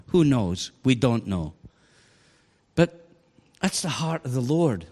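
A man preaching a sermon, animated and storytelling, sometimes bursting into a shout. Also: mid-range voice, slow, breathy edge. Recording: long hall reverb.

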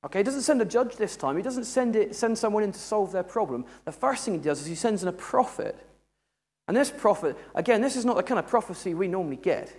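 A man's voice: high-pitched, animated, quick pace, darkish tone. A man preaching a sermon in a humorous, conversational way. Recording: echoey hall.

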